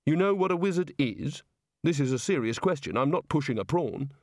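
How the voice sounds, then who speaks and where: A man's voice: a little high, lively intonation, brisk, darkish tone, no room sound, clean studio sound. A man voicing an anxious, hapless wizard who talks in a nervous, pleading way.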